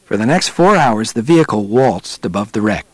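A man narrating a nonfiction adventure audiobook in a steady, measured storytelling manner. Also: lowish voice, breathy edge, dry recording.

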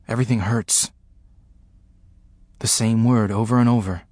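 A man reading a first-person memoir aloud, in a slow, grave, repetitive delivery. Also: mid-range voice, no room sound. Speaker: narrator.

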